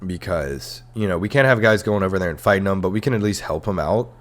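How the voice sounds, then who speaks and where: A man's voice: low-pitched, lively intonation, quick pace. Sarcastic, profane young man podcaster. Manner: irreverent, profane, sarcastic, rambling with fillers. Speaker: comedy history podcast host. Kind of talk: casual comedic rant. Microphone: headphones and podcast mic.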